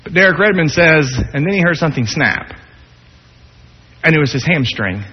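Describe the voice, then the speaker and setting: A man preaching a sermon, telling a story dramatically, dropping low and soft, then rising for emphasis. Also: expressive, normal speed, husky. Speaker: pastor. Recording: dull, long-reverb hall sound.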